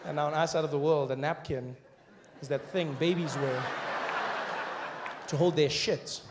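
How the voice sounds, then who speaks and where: A man in his thirties with a South African accent, performing stand-up comedy and telling stories in an animated way that rises to loud punchlines. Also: on the high side, normal speed, noisy background.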